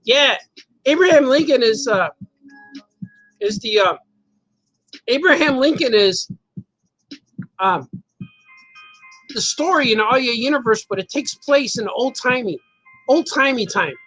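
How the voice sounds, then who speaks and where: A man's voice: extremely high pitch, lively intonation, measured pace, long pauses, a bit bright, soft background music, low-quality recording. Giggly man telling rambling stories. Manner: giggly storyteller, laughs often mid-sentence; rambling, playful, repeats words for effect. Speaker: host and cartoonist. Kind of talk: casual livestream chat, reading viewer comments.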